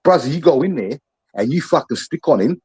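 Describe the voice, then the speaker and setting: Aussie bloke going off like a coach, swearing heaps, husky voice, pitch all over the place. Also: male voice, animated, brisk, dark tone, rough recording. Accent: Australian. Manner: fired-up, profane, ranting like a coach. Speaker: podcast panelist. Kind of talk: heated sports chat.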